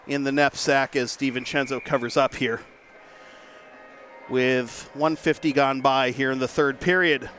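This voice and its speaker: A man's voice: medium pitch, slight background noise. A man calling a hockey game play-by-play from a rink press box, a bit out of breath at the start. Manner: quick, energetic play-by-play delivery. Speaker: play-by-play commentator. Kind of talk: live sports commentary.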